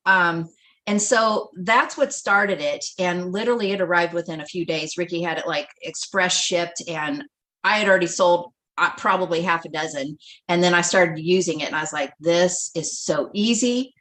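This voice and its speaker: A woman's voice: fairly low pitch, steady tone, moderate pace, a bit bright. A middle-aged woman telling a personal story on a livestream, acting out the dialogue and laughing often. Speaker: livestream guest. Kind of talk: storytelling testimonial.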